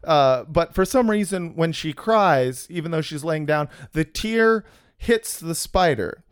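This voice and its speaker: A man's voice: a little high, expressive, unhurried, smooth, no room sound, clean studio sound. A man co-hosting a casual comedy podcast, recapping a film in a rambling, profane way with many restarts.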